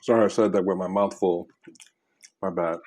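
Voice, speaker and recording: Low-voiced man chatting while eating. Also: fairly even intonation, a little mellow, slight background noise. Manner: rambling, chewing and pausing mid-sentence. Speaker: mukbang vlogger. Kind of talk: casual chat while eating.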